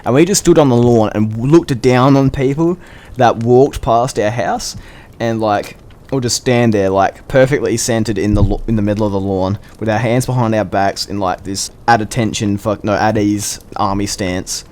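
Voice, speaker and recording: A young man with an Australian accent, telling a story in a rambling, crude and excitable way. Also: fairly low pitch, moderate pace. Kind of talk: casual storytelling.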